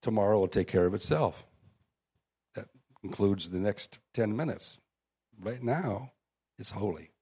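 Mellow low-voiced man preaching. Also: lively intonation, slightly rough. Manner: reads scripture aloud, conversational with restarts and pauses. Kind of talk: sermon. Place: room with a seated audience.

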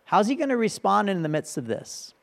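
A man's voice: high voice, sing-song, a little fast, creaky. A male pastor giving a conversational sermon, often checking in with his listeners by asking "right?".

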